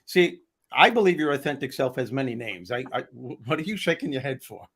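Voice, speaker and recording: A man's voice: mid-range voice, sing-song, brisk, a bit bright, slightly rough. A man hosting a live comedic talk show, upbeat and bantering with his co-hosts and viewers. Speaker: host. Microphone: headset.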